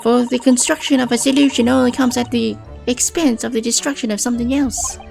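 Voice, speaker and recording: A bright, eager young girl, put on by a man reading game lines aloud. The voice sits well above a man's usual range with a gravelly, fried edge. She chatters warmly and fondly, with faint music behind. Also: extremely high pitch, fairly even intonation, fairly quick, voice pushed up, heavily acted. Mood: thoughtful. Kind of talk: reading game dialogue aloud on a live stream.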